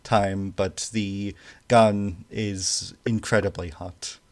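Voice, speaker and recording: A man narrating a tabletop game as game master, speaking slowly and hesitantly with many fillers. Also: on the low side, fairly even intonation.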